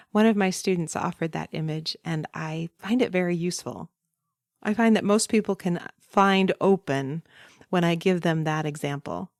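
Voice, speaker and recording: Slow, calm woman voice coach. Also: medium pitch, no echo, clean studio sound. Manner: calm, instructive, unhurried. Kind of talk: podcast teaching monologue.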